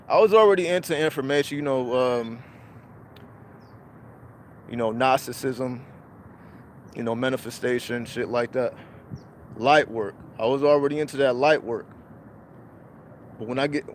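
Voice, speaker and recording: A man's voice: fairly high pitch, slight background noise. Profane streetwise man on a livestream. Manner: profane, streetwise slang, animated storytelling. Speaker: livestream host. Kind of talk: casual spiritual talk.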